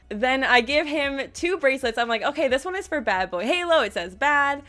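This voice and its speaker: A young woman telling a casual storytime vlog, bubbly and quick, full of "like" and acted-out quotes. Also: high voice, expressive, bright, forceful tone. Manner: bubbly, quick, lots of "like" fillers and quoted voices. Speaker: vlogger.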